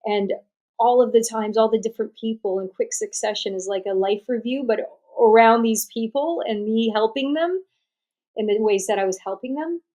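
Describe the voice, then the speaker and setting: A woman tells a personal story as a podcast guest. Her voice sits a little higher than most women's, and her delivery is animated and chatty, broken up by frequent laughs. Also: moderate pace. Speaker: podcast guest, death doula. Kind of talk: storytelling in an interview.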